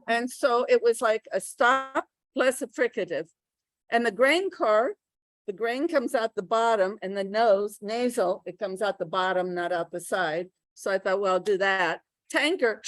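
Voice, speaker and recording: A woman's voice: mid-range voice, dry recording. Dry-sounding woman leading a pronunciation workshop. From United States. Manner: chatty, demonstrates sounds aloud. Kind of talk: live teacher-training workshop. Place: classroom.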